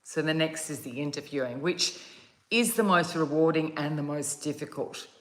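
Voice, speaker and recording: A woman hosting a meditation channel, chatting casually and gently to her viewers from home, with the odd yawn on a phone mic. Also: low-pitched, normal speed, reverberant. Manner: soft, gentle and meandering, with yawns. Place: at home, outdoors on a calm day.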